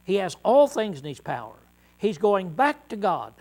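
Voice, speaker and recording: A male preacher delivering a conversational sermon, reading scripture aloud and then explaining it in plain words, often clearing his throat. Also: high-pitched, very animated, normal speed, a little mellow. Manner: conversational, uses hands-on demonstration with congregation.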